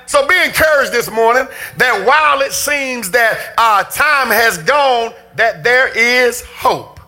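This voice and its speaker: High-voiced, fiery shouting preacher man. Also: lively intonation, slow, hardly any pauses. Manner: impassioned, often shouting, preaching cadence. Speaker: pastor. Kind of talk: sermon.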